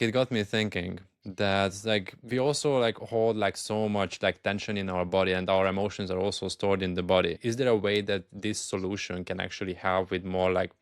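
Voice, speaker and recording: A man's voice: lowish voice, no room sound, studio quality. A man hosting a podcast interview, asking questions thoughtfully and with many "like" fillers. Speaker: podcast host. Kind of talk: casual interview chat.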